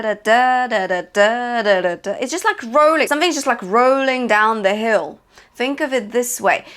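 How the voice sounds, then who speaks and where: A woman's voice: on the high side, a bit bright. A woman vocal coach teaching a singing lesson, encouraging and breaking in with short sung demonstrations. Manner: encouraging, demonstrates sung phrases between explanations.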